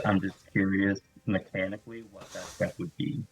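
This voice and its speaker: Husky low-voiced man playing a tabletop game. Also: flat delivery, normal speed, low-quality recording. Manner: curious, jokey, slips into a mock-posh character voice. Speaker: player. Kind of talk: tabletop role-play, in and out of character.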